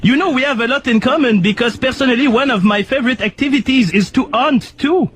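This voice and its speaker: A man doing a stiff, formal French statesman with a thick put-on French accent, hesitating through polite phone patter. The voice sits high, and the noisy radio recording carries a steady hiss under it. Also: quick pace. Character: man posing as a French president's aide and the president. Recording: noisy radio broadcast clip.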